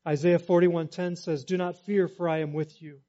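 A man's voice: a little high, little pitch movement, moderate pace, warm tone, dull audio. A man preaching a sermon, repeating key phrases for emphasis and leading the congregation to say them back. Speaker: pastor.

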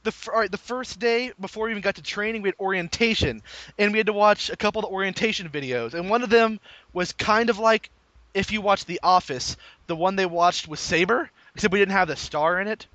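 Young man, high bright voice, animated storyteller who laughs often. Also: brisk, dry recording. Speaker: new call center employee. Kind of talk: casual chat.

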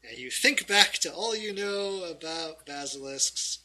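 Playful guy running a tabletop game, bright forceful voice, kinda high. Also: expressive, unhurried, low-quality recording. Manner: playful, jokey narration. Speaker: game master.

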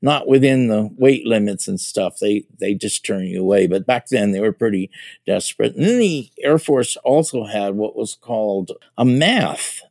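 A man's voice: on the low side, expressive, normal speed, vocal fry, a little mellow, dry recording. An older man telling a rambling story about his time in military service, with frequent fillers and restarts. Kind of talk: casual spoken memoir.

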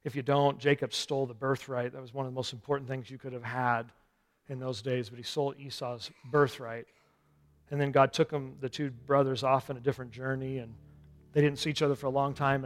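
A man preaching a sermon as pastor, swinging from loud urgent passages to quiet, intimate ones. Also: mid-range voice, level tone, fairly quick, faint music behind. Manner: impassioned preaching with wide swings from loud to soft. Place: church sanctuary. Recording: long reverb of a large hall.

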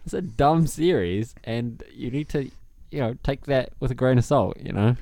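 A man's voice: mid-range voice, lively intonation, moderate pace, mellow, no room sound, studio quality. A man co-hosting a film podcast, chatting casually and rambling with many restarts. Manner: rambling, restarts, laughs often. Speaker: podcast co-host. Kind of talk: casual chat.

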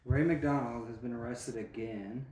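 A man's voice: mid-range voice, steady tone, measured pace, a little mellow, roomy sound. A man co-hosting a podcast, making wry, teasing remarks in a casual chat with friends. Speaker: podcast co-host.

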